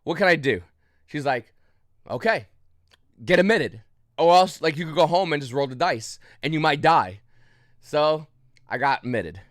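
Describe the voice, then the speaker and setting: Coughing man telling a story, slightly high voice. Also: expressive, normal speed, long pauses, no echo, studio quality. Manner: rambling, with many restarts and coughs. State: short of breath, coughing. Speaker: YouTube channel host. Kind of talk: casual storytelling to camera.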